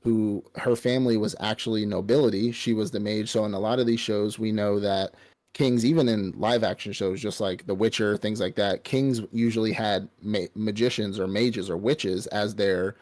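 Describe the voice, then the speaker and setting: A man's voice: fairly low pitch, fairly even intonation, normal speed, darkish tone. A man hosting a podcast, casually and profanely retelling an anime episode. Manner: rambling, profane storytelling with laughs. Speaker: podcast host. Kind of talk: casual anime recap chat.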